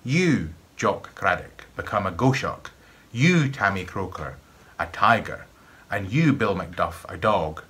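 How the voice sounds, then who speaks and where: A man's voice: on the low side, expressive, unhurried, sharp tone, husky, heavily acted. A man with a Scottish accent voicing a sly, sinister old male wizard who runs a school of magic. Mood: commanding.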